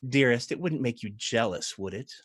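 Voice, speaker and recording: A man's voice: medium pitch, expressive, moderate pace, a bit bright, dry recording, studio quality. A man playing Madrigal, coy flirt. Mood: flirty. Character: flirtatious theatrical woman, Madrigal.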